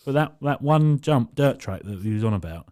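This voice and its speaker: A man's voice: mid-range voice, lively intonation, brisk, warm tone. A man co-hosting a podcast, chatting casually, laughing and swearing freely. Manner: swears a lot, laughs while talking. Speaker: podcast co-host. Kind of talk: casual chat.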